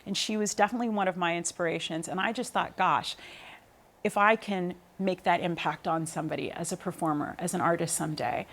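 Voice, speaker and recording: A woman's voice: fairly low pitch, brisk, creaky. A woman in her thirties, a guest talking about her singing career in an interview, telling stories with lots of ums and restarts. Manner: animated storytelling with many fillers. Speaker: guest, opera singer. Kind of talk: interview conversation.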